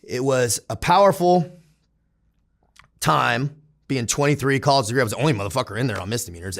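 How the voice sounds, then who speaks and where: A man's voice: mid-range voice, gravelly, a bit bright. A man from San Diego in his thirties, a guest telling candid, profane stories in casual conversation with frequent laughs. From San Diego, United States. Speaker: interview guest. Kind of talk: casual storytelling.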